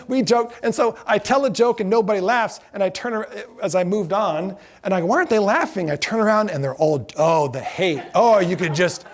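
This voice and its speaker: A man with a notably high voice lectures to a class, spinning comic anecdotes. He laughs at his own punchlines and wanders into asides, stopping to correct himself mid-sentence. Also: brisk, few pauses. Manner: joking storyteller, laughs at his own stories; self-correcting, rambling asides. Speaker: lecturer and former ride skipper.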